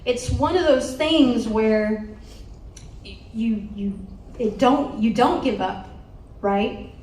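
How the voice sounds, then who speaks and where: Motivational speaker, young adult woman, higher voice, lively and laughing, heard from far off in an echoey hall. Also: takes it slowly, a little hiss or hum. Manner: animated, laughing storyteller with many restarts. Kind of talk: storytelling speech to a live audience. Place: conference hall.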